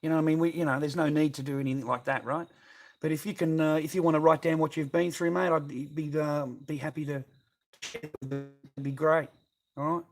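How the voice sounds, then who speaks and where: A man's voice: on the high side, fairly even intonation, fairly quick, faint music behind. A man with an Australian accent hosting a casual livestream, talking to his viewers in a rambling way full of swearing and fillers. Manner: rambling, heavy swearing, constant filler words. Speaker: livestream host. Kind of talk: casual livestream chat, reading viewer comments.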